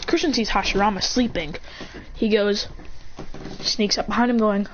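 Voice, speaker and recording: A storyteller retelling a fan-made anime adventure, rushing along, restarting sentences and acting out each character's lines. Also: medium pitch, fairly even intonation. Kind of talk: rambling fan-fiction retelling. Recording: slightly muffled with faint hiss.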